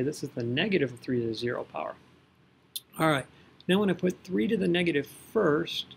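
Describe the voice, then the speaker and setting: Gravelly-voiced man teaching math. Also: mid-range voice, a little hiss or hum. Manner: talks through working step by step, self-correcting. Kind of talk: recorded screen lesson.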